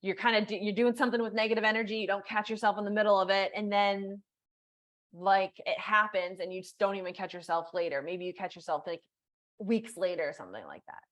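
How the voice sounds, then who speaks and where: A woman's voice: medium pitch, brisk, a bit bright. A woman hosting a live coaching session, talking casually with lots of "like"s and reading viewer comments aloud. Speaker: law of attraction coach and host. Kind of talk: live-streamed coaching talk.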